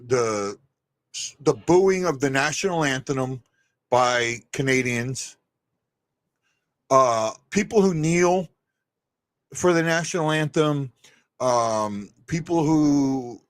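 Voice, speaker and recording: A man with a medium-pitched, fairly bright voice hosts a live stream with no echo. He's blunt and opinionated, rambling casually with many restarts and the occasional swear word.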